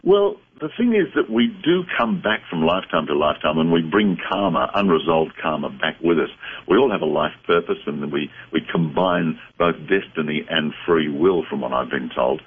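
A man speaking as a psychic medium guest on a talk radio show, explaining in a measured, reflective way. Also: rumbling low, animated, husky. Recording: phone-line sound.

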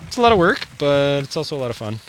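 A man's voice: on the high side, very animated, racing, a little hiss or hum. A man talking casually about his work harvesting crayfish, easygoing and plainspoken, recorded outdoors on a lake. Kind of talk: casual interview.

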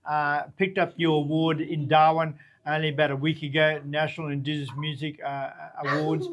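A man's voice: fairly high pitch, level tone, normal speed. An Australian man hosting a radio interview, affirming his guest often on a studio microphone. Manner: warm encouraging, affirms often. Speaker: radio host.

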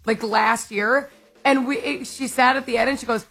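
Woman co-host, high and a bit breathy, lively laughing storyteller, casual talk-show banter. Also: normal speed. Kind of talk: casual chat.

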